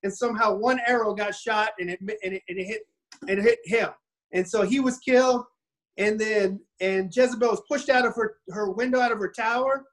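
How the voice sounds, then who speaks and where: A man casually retells a Bible story, animated and rambling, often restarting his sentences. He has a high voice and talks fairly quickly, on a low-quality recording.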